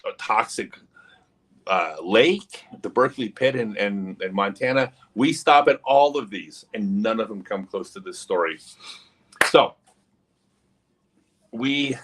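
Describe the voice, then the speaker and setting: Husky-voiced man telling a story. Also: fairly low pitch. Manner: animated, many fillers and asides. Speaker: livestream host. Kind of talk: casual anecdote telling.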